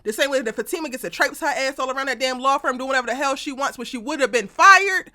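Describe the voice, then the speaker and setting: A woman's voice: sits high, quick pace, pushed and bright. A woman hosting a TV episode breakdown, blunt and exasperated, cursing freely and speaking straight to her viewers. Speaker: TV recap host.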